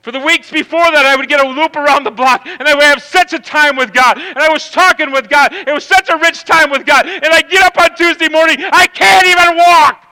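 A man preaching a sermon as pastor, swinging from loud emphatic calls to hushed low passages. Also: brisk, few pauses, long reverb tail, poor audio.

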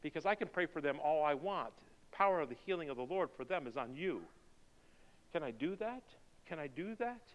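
A man's voice: on the high side, lively intonation, fairly quick. A male pastor preaching a sermon in a church, driving it with emphatic, repeated rhetorical questions. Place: church sanctuary. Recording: dull recording with long hall reverb.

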